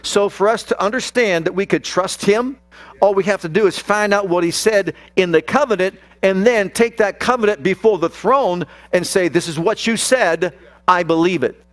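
A man's voice: high-pitched, no echo. A man preaching a sermon, speaking emphatically and addressing the congregation directly. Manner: slow, emphatic, talks straight to the congregation.

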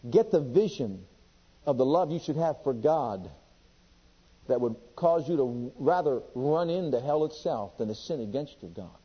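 A man preaching a sermon with passion, reading scripture aloud and swinging between loud and hushed delivery. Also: medium pitch, lively intonation, measured pace, slightly rough, long reverb tail. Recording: dull lo-fi sermon recording.

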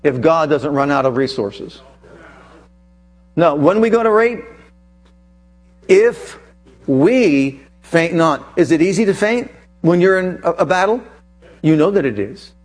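A male preacher giving an animated sermon, telling a personal story and reading scripture aloud with emphasis. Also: fairly high pitch, normal speed, long pauses, faint music behind.

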